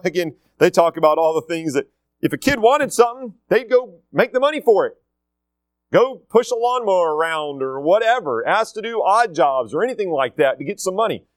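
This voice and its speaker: A middle-aged man who leads a school gives students an easygoing but insistent talk in a fairly high voice, restating his key points and acting out quotes. The recording is dry.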